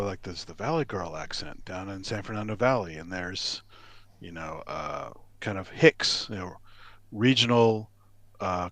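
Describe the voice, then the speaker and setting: A man's voice: lowish voice, no room sound. A man chatting casually on a call, telling stories and jokingly mimicking regional accents. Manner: animated storyteller, mimics other accents for fun. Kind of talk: casual chat.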